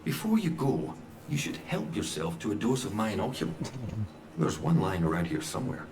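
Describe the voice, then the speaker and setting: An actor playing a cryptic male scientist in a game, giving calm, measured, secretive instructions. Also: deep voice, recorded from a distance. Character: cryptic male scientist sending the player on a task. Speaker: game character. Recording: echoey game audio, set back from the mic.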